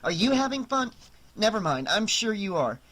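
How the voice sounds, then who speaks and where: A narrator voicing a brash, teasing teenage girl who talks loud and crude. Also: medium pitch, big pitch swings, normal speed, pitched above the performer's own voice. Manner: loud, brassy and mocking.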